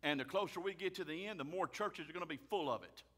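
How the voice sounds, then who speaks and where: A man, a pastor preaching a fiery sermon loudly and emphatically. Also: on the high side, quick pace. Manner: loud, emphatic, raises his voice.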